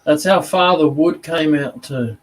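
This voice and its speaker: A man's voice: a little high, measured pace, a little hiss or hum, low-quality recording. A man chatting casually and chuckling as a woodworking vlogger outdoors. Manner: laid-back, chuckling, blokey. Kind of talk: casual chat.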